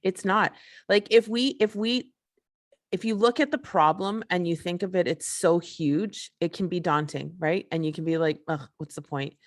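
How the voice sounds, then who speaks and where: Speaking at normal speed in a lowish voice, a solo podcast host launches into a casual rant. She's frustrated and emphatic, cursing as she goes.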